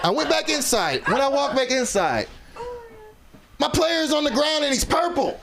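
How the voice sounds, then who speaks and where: A man doing open mic stand-up, telling a profane story and shouting when he acts out angry parents. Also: very high voice, sing-song, normal speed. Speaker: stand-up comic. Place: comedy club stage. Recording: noisy club crowd. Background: audience reactions.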